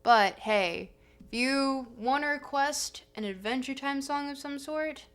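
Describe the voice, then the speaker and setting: A woman's voice: high voice, unhurried, fairly bright tone. A woman streamer chatting casually with her chat, reading comments aloud and humming between songs. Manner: chatty, reads chat aloud, sings along. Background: music.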